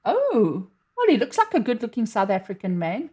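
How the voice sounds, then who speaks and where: Bright, playful woman hosting a stream. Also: on the high side, huge pitch swings, normal speed, slightly rough. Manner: playful, laughing, asks questions. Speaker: livestream host. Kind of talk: casual livestream chat.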